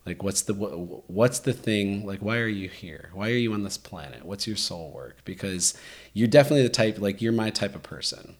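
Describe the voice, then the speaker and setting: A man with a fairly low voice chatting casually as a podcast host. He tells stories in an animated way, full of fillers and restarts. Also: normal speed. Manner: animated storytelling, many fillers. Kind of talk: casual chat.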